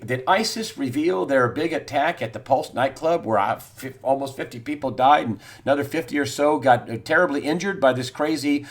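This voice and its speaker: A middle-aged host delivers an election commentary monologue, emphatic and repetitive, in a voice that runs a little high. He leans on many "uh" fillers and swings from loud outbursts to near-quiet asides.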